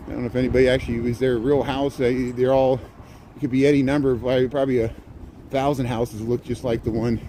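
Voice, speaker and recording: His voice is mid-range and mellow, recorded roughly, as he strolls a cold, windy street giving a city walking tour. The vlogger chats casually on the livestream, rambling and answering viewers.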